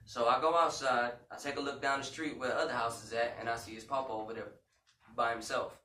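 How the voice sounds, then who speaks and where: Emotionally recounting a frightening story, this podcast co-host of a casual talk show leans on "you know" and "man." He talks fast in a sharp, mid-range voice with fairly even intonation. He's far from the mic, with roomy echo and faint background noise.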